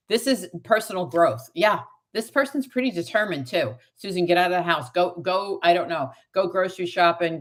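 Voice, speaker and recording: Middle-aged tarot lady on a livestream, lowish voice, chatty and animated, does the voices in her stories. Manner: animated storytelling, acts out quoted dialogue. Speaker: tarot reader. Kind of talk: live-stream chat with viewers.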